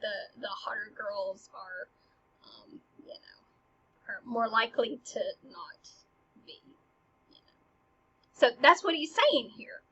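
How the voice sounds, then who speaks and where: A high-voiced woman with a husky edge teaches a classic scene in a chatty, animated way. She reads the lines dramatically and slips into hushed asides. The recording sounds dull and lo-fi. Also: slow, pauses often. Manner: animated, slips into quoted lines and asides, drops to near-whispers. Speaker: teacher explaining Shakespeare. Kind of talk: casual lecture with dramatic readings.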